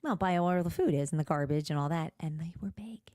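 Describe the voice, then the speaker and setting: Middle-aged lady cohost, deep low voice, lively storytelling, super dry sound. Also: fast, no echo. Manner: animated, expressive, laughs often. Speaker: podcast co-host. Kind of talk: casual chat.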